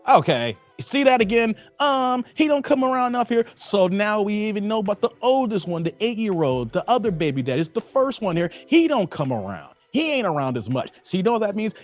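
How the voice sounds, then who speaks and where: A man with a somewhat high voice that swoops up and down as he drives his points home. He talks in a casual, emphatic commentary style, like a reaction host lecturing his viewers, with faint music under him.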